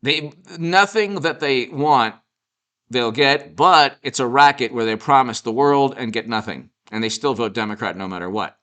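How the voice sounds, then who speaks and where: A male commentator talks off the cuff about politics in a mocking, sarcastic way. He rambles, restarts his sentences and laughs at his own jokes. His voice is bright and forceful at a middle pitch. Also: expressive, normal speed. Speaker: political commentator and show host.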